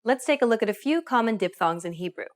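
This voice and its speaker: A woman presenting a scripted language lesson, with upbeat and clear instructional delivery. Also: on the high side, expressive, fast. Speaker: language teacher.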